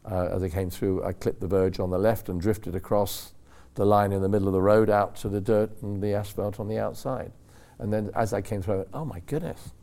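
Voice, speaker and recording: Man, low-pitched, mellow, rambling anecdotes. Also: creaky. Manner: rambling, animated storytelling with acted-out quotes. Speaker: racing driver telling stories. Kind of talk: casual anecdote.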